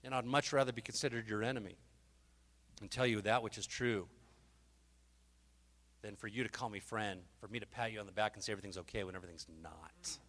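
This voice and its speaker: Male preacher, fervent and emotional, bright forceful tone, booming reverb of a festival stage. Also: brisk, long pauses. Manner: fervent, exhorting, swings from loud to hushed; emotional, repeats and restarts words. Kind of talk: sermon.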